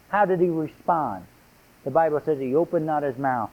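A man's voice: a little high, moderate pace. A man preaching a sermon, reading scripture aloud with rising, emphatic delivery. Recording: tinny phone-like sound.

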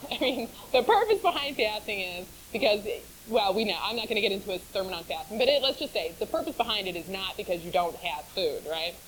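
A woman tells her own faith testimony in a loose, conversational storyteller's voice. Her pitch sits in a middle range, neither high nor low. She laughs often and repeats words to drive a point home. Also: expressive, a little fast, a little hiss or hum, poor audio. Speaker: speaker sharing her testimony.

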